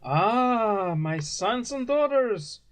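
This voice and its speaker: A high, lofty preacher of a company cult, as a man puts him on. He intones slow, grand sermons at his flock. The delivery is drawn out and ceremonious. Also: very animated, full character voice. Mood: preaching. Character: pompous preacher of a company cult, male, middle-aged.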